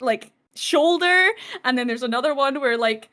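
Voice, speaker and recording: A woman's voice: high voice, normal speed, bright, forceful tone. A woman co-hosting a podcast, casually retelling film scenes with lots of swearing and acted-out quotes. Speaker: podcast co-host.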